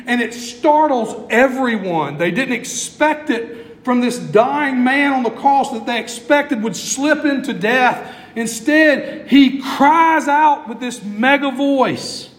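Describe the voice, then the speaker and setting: A middle-aged male pastor preaching a sermon with building intensity and long pauses, heard in a church sanctuary. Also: extremely high pitch. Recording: echoey hall.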